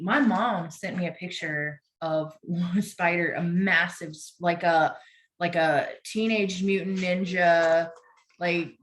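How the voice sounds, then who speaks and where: Woman, young adult, co-host, chatty, says "like" a lot, somewhat low voice. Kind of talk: casual chat. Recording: faint background noise.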